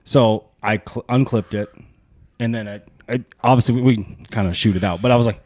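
Fast-talking, profane male podcast host. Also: medium pitch. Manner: fast, profane, animated storytelling. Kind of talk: casual sports chat.

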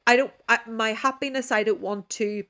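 A woman's voice: a little high, fairly even intonation, moderate pace, bright, forceful tone. A woman in her thirties from Ireland, co-hosting a podcast in a candid, rambling chat and swearing freely over a video call. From Northern Ireland. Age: 30s. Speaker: podcast co-host. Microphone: remote video call.

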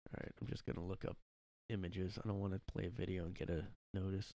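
A man's voice: low-pitched, level tone, fast, vocal fry, warm tone, no echo, studio quality. Rambling man alone in his room. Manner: rambling, lots of fillers and self-corrections, laughs often. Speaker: podcast host. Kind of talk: casual solo chat. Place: home room.

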